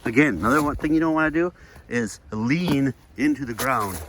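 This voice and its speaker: A man's voice: medium pitch, expressive, moderate pace, noisy background. A middle-aged man casually talking through a how-to vlog outdoors in snowy woods, chatty and rambling with jokes. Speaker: outdoors vlogger.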